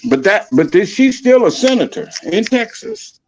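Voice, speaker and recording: A man's voice: sits high, big pitch swings, moderate pace, background noise. A man co-hosting a podcast, arguing his point in a heated casual debate and pressing it again and again. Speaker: podcast co-host.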